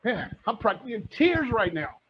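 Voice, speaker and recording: A man's voice: high voice, sing-song, fairly quick, slightly rough. A middle-aged man giving a motivational talk as a real estate mentor, fired up and repeating his points like a preacher. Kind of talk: motivational presentation. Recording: muffled lo-fi audio.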